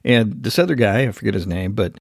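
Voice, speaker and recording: A man hosting a podcast, telling a story in an animated, casual way and acting out the voices of the people in it. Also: on the low side, brisk, creaky, no room sound, studio quality. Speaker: podcast host.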